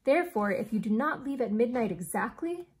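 A woman reading aloud as an eccentric male inventor who speaks in a formal, old-fashioned, deliberate way. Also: a little high, lively intonation, slightly rough.

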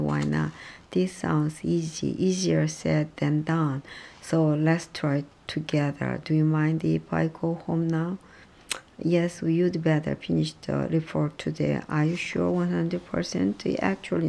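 Woman, reading practice sentences aloud, halting, self-correcting, dark mellow tone. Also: low voice, vocal fry. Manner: halting, stumbling over words and restarting. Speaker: reader.

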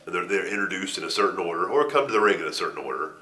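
A man's voice: low voice, expressive, very fast, bright, forceful tone. A middle-aged man in an interview, telling a story in a casual way with a lot of swearing, laughter and stammered restarts. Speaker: interview guest, wrestler.

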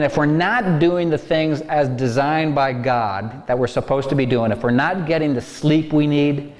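A man giving a faith-based lecture on stress, animated and acting out worried inner voices. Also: mid-range voice. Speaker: speaker. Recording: echoey hall, faint ambience.

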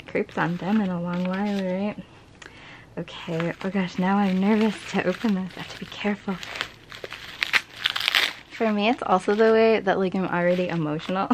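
A woman vlogging about things she bought, in an excitable, gushing way, laughing often and chatting with lots of fillers and "right?". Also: mid-range voice, noisy background. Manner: chatty, many fillers and tag questions. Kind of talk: casual haul chat.

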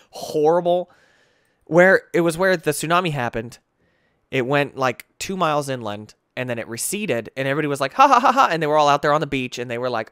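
A young man rambling through casual gameplay commentary as a gaming video host, excitable and full of filler words. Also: medium pitch, clean tone, no echo, studio quality. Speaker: gaming YouTuber.

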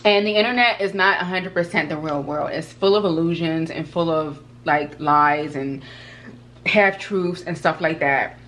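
A woman's voice: deep voice, normal speed, a bit bright. A woman hosting a casual eating vlog, talking in an emphatic, encouraging way, like an older cousin giving advice. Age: older than 22. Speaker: food vlog host. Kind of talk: casual mukbang chat.

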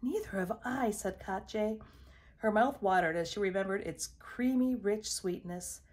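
Slow-reading woman storyteller. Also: medium pitch, darkish tone. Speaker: storybook reader. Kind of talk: picture book read aloud.

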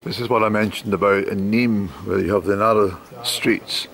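A man's voice: fairly low pitch, fairly even intonation, moderate pace, creaky, fairly bright tone. A man chatting in a rambling way as he narrates a walk through narrow town streets on a handheld camera. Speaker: travel vlogger. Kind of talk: walking travel narration. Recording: street noise and passing traffic.

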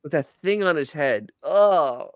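A man with a fairly high voice co-hosts a casual podcast, reacting in an animated, mocking way. The sound is dry and close to the mic. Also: measured pace, no echo. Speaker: podcast co-host. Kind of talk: casual commentary chat.

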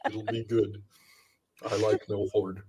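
A man's voice: lowish voice, level tone, slow pace, a crowd in the background. A man being interviewed as an author, chatting casually and cracking playful jokes. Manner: joking, playful banter. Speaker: author guest.

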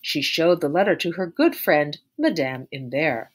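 A woman narrating a story aloud in a measured, expressive way. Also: sits low, husky. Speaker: audiobook narrator.

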